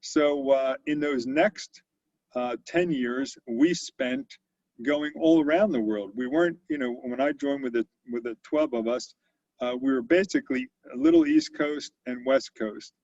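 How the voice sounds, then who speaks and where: A man in his sixties with a gravelly, mid-pitched voice tells stories from his career in a relaxed, conversational way. He speaks with frequent fillers and restarts. The recording is close and dry but sounds dull and lo-fi. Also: unhurried, no echo. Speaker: company CEO, interview guest. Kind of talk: storytelling in an interview. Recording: dull lo-fi audio.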